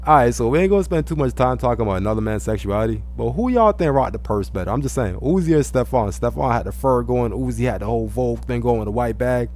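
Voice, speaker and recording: A man's voice: medium pitch, expressive, fast, hardly any pauses, a little mellow, a little hiss or hum. A man hosting casual reaction commentary, joking and laid-back in slang. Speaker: commentary host.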